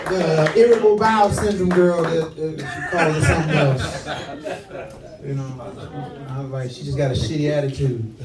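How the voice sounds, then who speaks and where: A man hosting a comedy show, telling loud, profane stories between acts on a club stage. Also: fairly high pitch, measured pace. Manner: loud, profane, animated storytelling. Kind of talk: stand-up emcee banter. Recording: roomy club audio from a distance with crowd.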